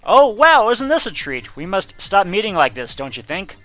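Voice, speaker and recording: A man's voice: high voice, sing-song, normal speed, a bit bright, dry recording, soft background music, voice pushed up. A man voicing a teasing, flirtatious female mouse thief in a video game. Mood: flirty.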